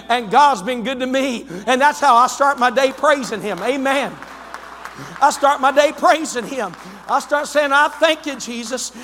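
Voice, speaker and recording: A male pastor with an Ohio accent preaching a fervent sermon in a church, rising to shouts. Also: extremely high pitch. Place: church sanctuary. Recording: long church reverb.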